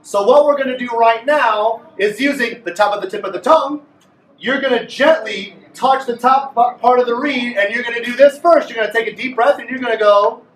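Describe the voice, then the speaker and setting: A man's voice: extremely high pitch, brisk, fairly bright tone, slight background noise. A man teaching a beginners' clarinet class, coaching and joking with his students. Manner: playful, coaching a class aloud. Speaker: music teacher. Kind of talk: group clarinet lesson. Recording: echoey room from far off.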